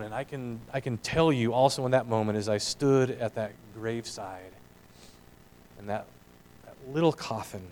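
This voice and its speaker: A man's voice: mid-range voice, rough recording. Earnest male preacher, faint hum. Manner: earnest, swelling emphasis then quiet reflective passages. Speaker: pastor. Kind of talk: sermon.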